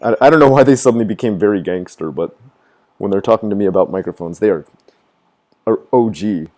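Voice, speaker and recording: A man on his live stream, chatting casually and rambling with a lot of swearing. He laughs at his own jokes and does high mocking voices of other people. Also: brisk, a little mellow. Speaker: gaming streamer. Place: living in Japan.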